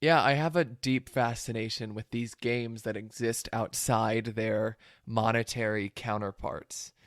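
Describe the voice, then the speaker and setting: A man hosting a casual podcast interview. He asks curious, quick follow-up questions. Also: lowish voice, fairly even intonation, no room sound, studio quality. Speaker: podcast host.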